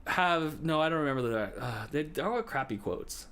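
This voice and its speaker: A man's voice: on the high side, expressive, a bit bright. Playful man hosting a live game show. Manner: playful, quick to joke and praise. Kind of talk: casual live-stream chat.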